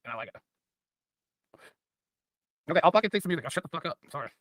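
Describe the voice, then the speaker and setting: A man's voice: on the high side, lively intonation, fast talker, fairly bright tone, no echo, studio quality. A man streaming, rambling loosely and profanely while a bit drunk. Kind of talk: rambling casual stream chat.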